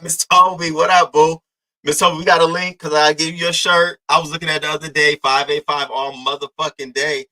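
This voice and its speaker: A man's voice: medium pitch, sharp tone, rough recording. A young man hosting a casual live-stream commentary, talking loose and profane in slang and greeting chatters by name.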